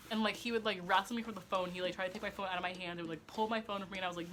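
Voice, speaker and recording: A young woman chats through a storytime video. Her voice has a bright, forward edge. She talks with lots of filler "like" and swears freely. She often mocks herself as she goes. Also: mid-range voice, racing, hardly any pauses, a little hiss or hum. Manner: chatty and profane, heavy use of "like"; self-mocking, laughing at herself. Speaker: vlogger. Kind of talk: casual storytime.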